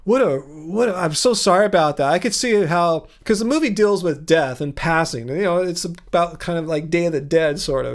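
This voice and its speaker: A man hosting a casual livestream, answering viewer comments in a chatty, earnest way, thinking aloud with frequent restarts. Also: fairly high pitch. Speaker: livestream host.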